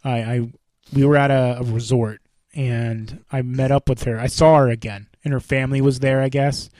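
A man's voice: mid-range voice, steady tone, moderate pace, a little mellow, no room sound. A young man co-hosting a podcast, telling a story animatedly in casual chat, swearing and acting out his own lines. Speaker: podcast co-host.

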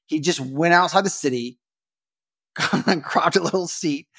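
A man's voice: fairly high pitch, measured pace, fairly bright tone, slightly rough. A man hosting a podcast, talking through a Bible passage in a casual, chatty way, with frequent "like" fillers and restarts. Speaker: podcast host. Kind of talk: casual Bible-study monologue.

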